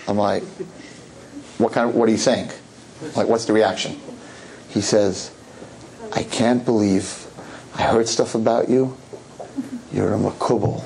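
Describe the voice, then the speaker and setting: A man's voice: lowish voice, fairly even intonation, a little slow, vocal fry, long pauses, a little mellow, some chatter behind, poor audio. A man speaking as a rabbi, telling a story to a live audience and acting out both sides of the conversation in shifting voices.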